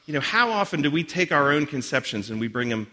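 A man's voice: a little high, sing-song, fast talker, sharp tone. A man in his forties giving a sermon with personal stories, chatty and self-deprecating, full of asides and restarts. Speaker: guest speaker.

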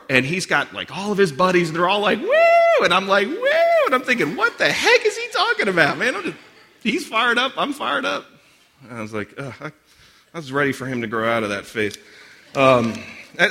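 A man's voice: on the high side, bright, forceful tone. A man in his forties giving a sermon with personal stories, chatty and self-deprecating, full of asides and restarts. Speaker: guest speaker.

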